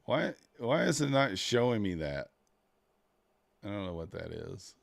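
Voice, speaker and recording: Low-voiced man chatting on a trading stream. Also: sing-song, unhurried, vocal fry, no echo. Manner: rambling, talks to chat while fiddling with software. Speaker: livestreaming futures trader. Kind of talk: casual livestream chat.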